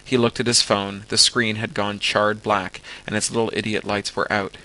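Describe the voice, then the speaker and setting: A man reading a story aloud as an amateur audiobook, steady with occasional stumbles. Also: lowish voice, normal speed, low-quality recording. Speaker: narrator.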